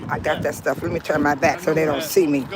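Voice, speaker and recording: A woman from California talking in a casual vlog, chatty and animated, laughing often. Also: deep voice, fast talker, a crowd in the background. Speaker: vlogger. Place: outdoors and in a car.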